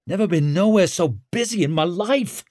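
A man voicing a nervous young sidekick who speaks in an anxious, higher, breathless way, in an audiobook. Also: big pitch swings, normal speed, darkish tone, slightly rough, no echo, clean studio sound.

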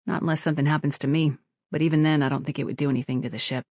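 A woman's voice: low-pitched, fairly even intonation, very fast, a little mellow, dry recording. A narrator voicing a tough young woman who talks in a dry, clipped way in an audiobook. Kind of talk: audiobook character voice.

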